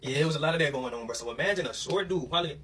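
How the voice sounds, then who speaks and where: A young man from Alabama telling a story in an animated, slangy way. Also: on the high side, racing, distant mic, background noise. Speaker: vlogger. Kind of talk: casual storytelling.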